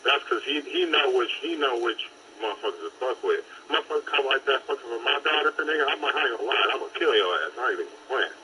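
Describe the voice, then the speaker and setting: A man's voice: medium pitch, expressive, fast talker, sharp tone, slight background noise, poor audio. A man calling in to a live show, out of breath, talking bluntly in street slang. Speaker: caller.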